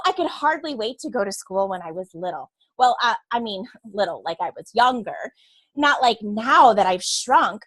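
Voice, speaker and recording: This storybook read-aloud features a woman doing a high-pitched, full character voice. She plays a talkative little schoolgirl who tells the story eagerly, as if sharing secrets.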